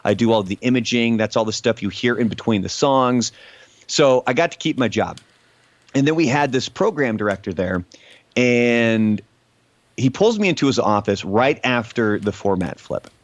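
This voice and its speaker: A man co-hosting a podcast who works in radio production, telling stories in an animated, casual way. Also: mid-range voice, moderate pace, dry recording, highs cut off.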